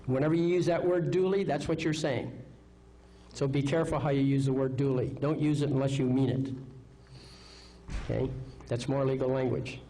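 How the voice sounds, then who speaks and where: A man's voice: medium pitch, fairly even intonation, normal speed, long pauses, mellow, low-quality recording. A man giving a live seminar lecture, confident, asking rhetorical questions and checking in with "okay?". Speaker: seminar speaker.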